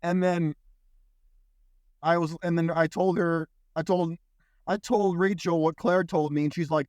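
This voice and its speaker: Animated young man telling a story. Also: high-pitched, moderate pace, no room sound, clean studio sound. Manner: animated, swears freely, mimics others in quotes. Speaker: podcast host. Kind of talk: casual storytelling monologue.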